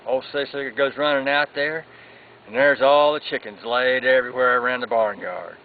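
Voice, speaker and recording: A man's voice: mid-range voice, fairly even intonation. Guy spinning a folksy joke, tinny phone-like sound, faint hiss behind. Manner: folksy, drawn-out storytelling. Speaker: joke teller.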